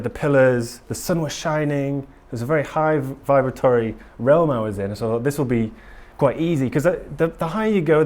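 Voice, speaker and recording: A man's voice: medium pitch, a little mellow. Enthusiastic man giving a talk. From England. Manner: candid, enthusiastic, rambling with many ums. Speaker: conference speaker. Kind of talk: live conference talk and Q&A. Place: conference hall.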